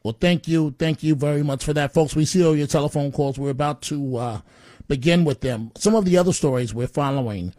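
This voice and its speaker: A talk radio host, chatty and opinionated, pausing often on fillers as he moves between stories. His voice sits a touch high for a man. The studio sound is dry and close. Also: mellow, no echo.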